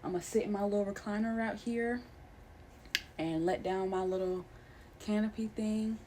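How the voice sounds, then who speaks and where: A woman's voice: medium pitch, steady tone, normal speed, mellow, slight background noise. A young adult woman, a vlogger, talking to camera in a chatty, slangy, playful way. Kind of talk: casual vlog chat.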